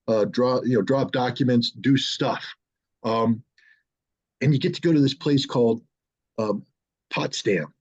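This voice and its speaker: A man in his sixties, an interview guest, telling animated stories with frequent restarts and acting out what others said. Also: medium pitch, breathy edge. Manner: animated storyteller who acts out others' lines, with frequent restarts. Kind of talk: casual anecdotal storytelling. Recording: dull lo-fi audio.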